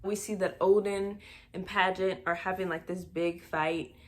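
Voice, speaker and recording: A woman's voice: on the low side, steady tone, unhurried. A young woman casually recapping a movie for her channel, full of sarcastic, laughing asides. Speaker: movie review vlogger.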